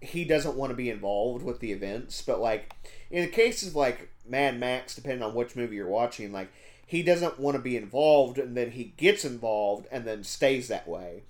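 A man's voice: medium pitch, animated, normal speed. A man with an ordinary mid-range voice hosts a laid-back movie review. He rambles and stacks up "like" as he works his thoughts out. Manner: rambling, lots of "like" fillers. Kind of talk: casual movie-review chat.

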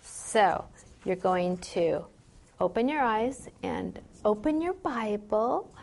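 A woman's voice: mid-range voice, animated, creaky, a little mellow. A woman leading a group workshop on memorizing Bible verses, chatty and encouraging, full of "like" and "you know". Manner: reads scripture aloud slowly. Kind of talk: classroom instruction to a group.

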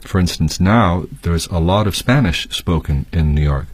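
Canadian guy, low husky voice, reading lesson text and chatting, dry studio. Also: normal speed, dry recording. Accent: Canadian English. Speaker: guest teacher. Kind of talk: reading text and classroom chat.

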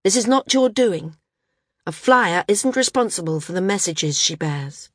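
A woman reading the lines of a proud, wounded woman flyer in an audiobook, quiet and measured. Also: mid-range voice, lively intonation, no room sound, studio quality.

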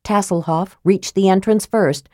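A woman narrating a fantasy audiobook in a steady, measured storytelling manner. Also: medium pitch, no room sound, clean studio sound.

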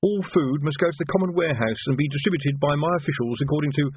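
A man's voice: on the high side, fast talker, slightly rough, dry recording, pitched above the performer's own voice. A man voicing an earnest, rule-bound clerk of a street revolution with a fussy, officious manner. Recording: thin phone-like dry sound.

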